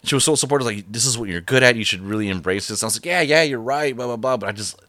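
A man telling a personal story in a casual, halting way, full of fillers and restarts. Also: mid-range voice, a bit bright, no echo.

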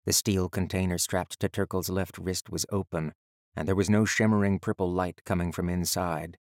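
A man with a deep voice narrates an audiobook, telling the story in a steady, measured way. The recording is clean studio sound with no echo.

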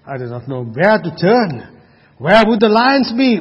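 A man's voice: high-pitched, sing-song, measured pace, husky. A man preaching a sermon, earnest, asking rhetorical questions and often restarting his sentences. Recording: muffled, reverberant hall.

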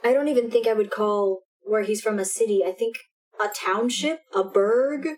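A woman's voice: mid-range voice, normal speed, a little mellow, rough recording. A young adult woman co-hosting a casual chat from home, talking in a rambling way and restarting her sentences. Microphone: headphones with a mic.

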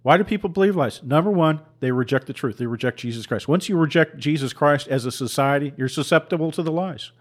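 A man delivers a fiery preaching rant at a slightly raised pitch. He hammers his points with rhetorical questions and repetition, tripping into quick restarts along the way. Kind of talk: impassioned preaching commentary.

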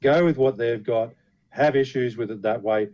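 A man's voice: medium pitch, moderate pace, a little mellow. A man talking casually as a podcast co-host about knife making, blunt and swearing freely. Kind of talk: casual chat. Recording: dull lo-fi sound.

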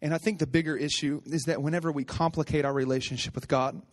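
A middle-aged man preaching a sermon as a pastor, telling stories in a conversational way and building to animated, excited peaks. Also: on the high side, fast talker. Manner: conversational storytelling with repetitions.

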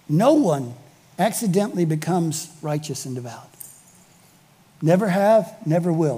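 A man's voice: high voice, a little mellow, long reverb tail. A male pastor preaching a sermon with emphasis, repeating key phrases for weight.

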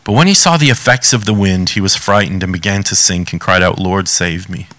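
A man preaching a sermon, reading scripture and asking animated rhetorical questions. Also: on the low side, quick pace.

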